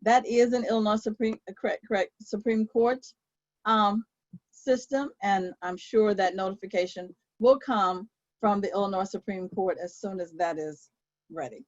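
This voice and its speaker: A woman's voice: mid-range voice, steady tone, moderate pace, no echo. Woman, webinar moderator, reads questions aloud, hesitant fillers, dull dry sound. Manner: reads out questions, then answers with many fillers. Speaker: court clerk moderating a webinar. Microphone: video call.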